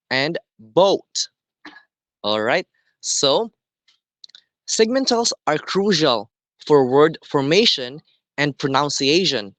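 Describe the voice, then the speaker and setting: A man teaching a class, explaining slowly and deliberately and often checking in with "okay". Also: on the high side, fairly bright tone, dry recording. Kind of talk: classroom lesson.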